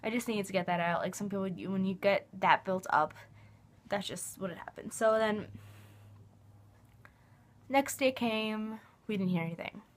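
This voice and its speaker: A woman's voice: mid-range voice, moderate pace, pauses often. Young adult woman vlogger, rambling and emotional, chatty filler-laden delivery. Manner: rambling, emotional, heavy use of "like". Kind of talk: casual fan vlog.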